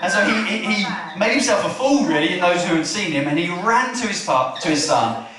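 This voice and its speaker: High-voiced preacher in an echoey hall. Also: male voice, a little fast, distant mic, crowd noise. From England. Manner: chatty, asks the room questions, animated retelling. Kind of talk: family church sermon. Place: church hall.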